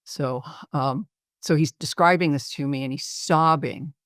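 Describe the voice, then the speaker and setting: A middle-aged man, a psychiatrist, presenting a patient case in a webinar in a measured, reflective way with frequent pauses. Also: on the high side, fairly bright tone, no room sound, studio quality.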